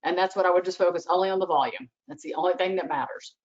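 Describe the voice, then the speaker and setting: Woman expert on a webinar call, animated, acts out lines to a kid, muffled lo-fi audio. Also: fairly low pitch, quick pace. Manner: animated, acts out what she would say to a child. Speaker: webinar expert answering parent questions. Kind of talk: advice in a webinar Q&A. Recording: dull lo-fi video call audio.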